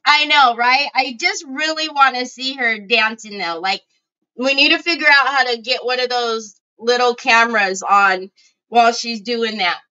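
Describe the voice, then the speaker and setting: A woman's voice: fairly high pitch, moderate pace, pushed and bright, smooth. A middle-aged woman hosting a craft livestream, chatting casually and greeting viewers by name. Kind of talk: casual live-stream chat. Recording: dull lo-fi home stream audio.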